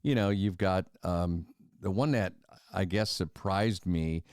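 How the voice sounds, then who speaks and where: An easygoing middle-aged man hosts a podcast interview. His voice is very deep and smooth, recorded dry and close. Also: slow, a little mellow, no echo. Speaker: podcast host. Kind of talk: interview hosting.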